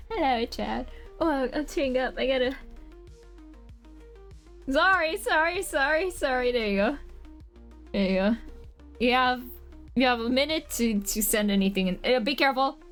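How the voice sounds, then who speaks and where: A woman's voice: high-pitched, fairly bright tone. A young adult woman livestreaming from her bedroom, talking in a rambling, slangy, giggly way with lots of restarts. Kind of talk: casual live-stream chat. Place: home bedroom.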